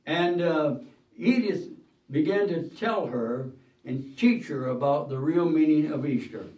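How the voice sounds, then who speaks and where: A man preaching a sermon, telling a story in an earnest, measured way with "uh" fillers and the odd throat-clearing. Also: on the high side, darkish tone. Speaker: pastor. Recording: roomy hall, mic at a distance.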